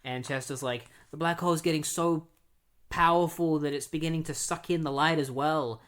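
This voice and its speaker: A man casually recapping a comic book story, rambling with lots of fillers and acting out characters' lines in quick bursts. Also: fairly high pitch, fairly even intonation, a bit bright. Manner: rambling retelling with many fillers and quick acted-out quotes. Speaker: comic book podcast host.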